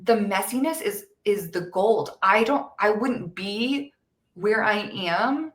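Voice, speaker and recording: A lively, candid woman coach talks in casual podcast chat at a middling pitch. Her voice bounces around an echoey room. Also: slow. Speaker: fitness coach.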